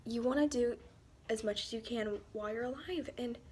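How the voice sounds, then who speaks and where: A teenage girl with a slightly high voice talks casually to her camera, rambling from one thought to the next. She sighs often and lets her words sink into soft, breathy near-whispers. A faint hiss sits underneath. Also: normal speed. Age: teens. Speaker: student vlogger. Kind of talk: casual chat.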